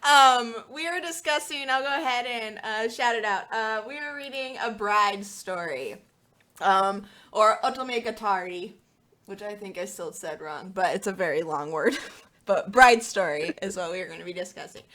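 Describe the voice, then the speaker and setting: A woman's voice: medium pitch, animated, moderate pace, a bit bright. A woman hosting a casual podcast, chatty and giggly with lots of ums. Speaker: podcast host. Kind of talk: casual chat.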